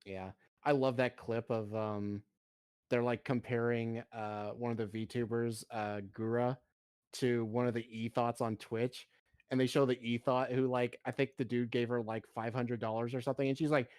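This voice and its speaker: A man co-hosting a casual podcast chat, relaxed, swearing and using many fillers. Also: medium pitch, moderate pace, smooth, no echo, clean studio sound. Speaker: podcast co-host.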